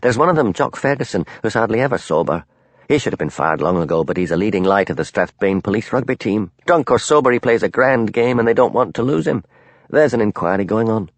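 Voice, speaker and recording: A frank police colleague, as a man reads him, matter-of-fact and a little gossipy. The voice sits low and moves a lot, recorded dry. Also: expressive, brisk, no echo.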